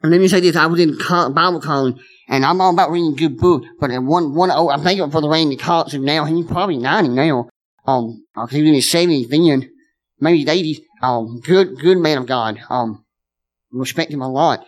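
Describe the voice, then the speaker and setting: A man's voice: fairly high pitch, fairly quick. A man preaching a sermon as pastor, emphatic, often repeating himself and restarting phrases.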